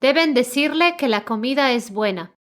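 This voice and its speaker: A woman reads example sentences aloud for learners, saying each one twice with careful pronunciation. Her voice sits a little high. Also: expressive, brisk. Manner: careful, repeated model pronunciation. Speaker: native-speaker example reader.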